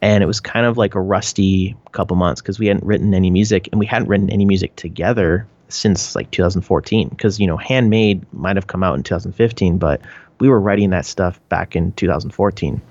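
Canadian man, lowish voice, dull lo-fi sound. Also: brisk, darkish tone, no echo. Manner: rambling, frequent "like" and restarts, laughs often. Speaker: band member, interviewee. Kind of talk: casual interview answers.

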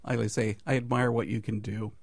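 A man hosting a casual radio studio interview, relaxed and chatty. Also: fairly low pitch, fast talker, gravelly, no echo. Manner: relaxed, chatty, self-correcting. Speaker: radio show host.

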